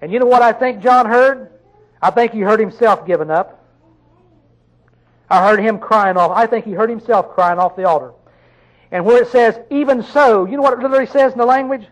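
A man preaching a sermon, reading scripture slowly and drawn out, often questioning his listeners, with sudden loud emphatic bursts. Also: sits high, low-quality recording.

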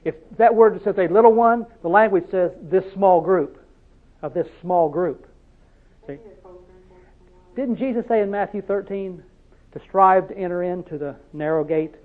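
Male preacher, high-pitched, tinny lo-fi recording; folksy sermon full of rhetorical questions. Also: unhurried, pauses often. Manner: drives points home with repeated "See?" questions; storytelling, conversational.

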